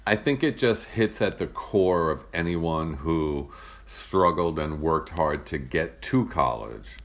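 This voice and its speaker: Very deep-voiced man with a broadcast voice. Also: animated, slow pace, a bit bright. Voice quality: rich broadcast-style voice. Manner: earnest, storytelling. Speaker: podcast co-host. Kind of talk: casual chat.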